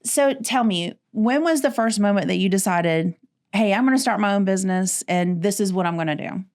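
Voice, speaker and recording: A woman's voice: mid-range voice, brisk, darkish tone. A woman hosting a business interview, asking questions and giving brief encouraging replies. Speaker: podcast host, interviewer.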